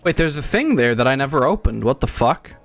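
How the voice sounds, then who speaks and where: A man's voice: mid-range voice, big pitch swings, brisk, no echo, soft background music. Rambling, foul-mouthed young man gaming. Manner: rambling, crude and profane. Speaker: gaming channel host. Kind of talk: casual gameplay commentary.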